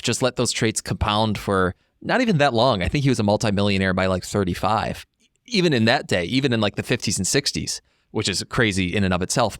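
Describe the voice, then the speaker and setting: A man hosting a podcast, chatting in a relaxed way and laughing easily. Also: mid-range voice, no echo, clean studio sound. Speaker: podcast host. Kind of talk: casual podcast conversation.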